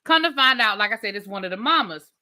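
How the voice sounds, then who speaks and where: Bright-voiced woman recapping a TV episode. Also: medium pitch, quick pace. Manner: chatty, animated storytelling with frequent asides to viewers. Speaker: TV review host. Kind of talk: casual live recap and review.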